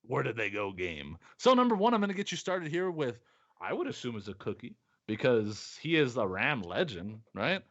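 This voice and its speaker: Lively, laughing man hosting a sports quiz. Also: medium pitch, normal speed, muffled recording. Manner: lively, laughs often, reads ads casually. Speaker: podcast host. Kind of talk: casual sports quiz chat.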